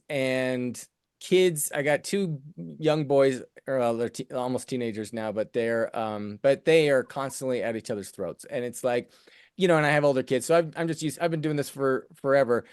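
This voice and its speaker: A man's voice: medium pitch, clear, resonant tone, no echo. Rambling middle-aged man, dry close sound. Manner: rambling, many restarts and hedges. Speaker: co-host. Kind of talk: casual podcast discussion.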